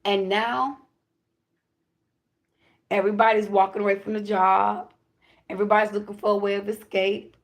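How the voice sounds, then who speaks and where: A woman who calls herself a high priestess, delivering a channeled spiritual message to her viewers in emphatic, repetitive declarations with casual swearing. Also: little pitch movement, moderate pace, pauses often. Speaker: self-described high priestess giving a spiritual reading.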